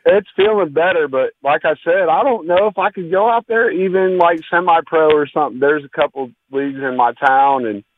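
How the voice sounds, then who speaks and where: A man's voice: fairly high pitch, moderate pace, hardly any pauses. Laid-back man calling in by phone. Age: 30s. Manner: laid-back, laughing, wrestling-fan slang. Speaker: caller. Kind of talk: call-in chat. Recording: phone line.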